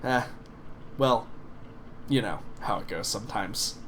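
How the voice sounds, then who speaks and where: A man's voice: lowish voice, expressive, a little slow, fairly bright tone, a little hiss or hum, voice pushed down. A man voicing a world-weary female cyber-hacker who talks in a dry, teasing, unbothered way, in a tabletop game. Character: wry, world-weary woman cyber-hacker, chain-smoking.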